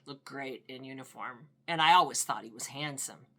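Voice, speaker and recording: Older woman, low and bright voice. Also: moderate pace. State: a little teary. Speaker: interviewee, niece of a veteran. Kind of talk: documentary interview, reflective recollection.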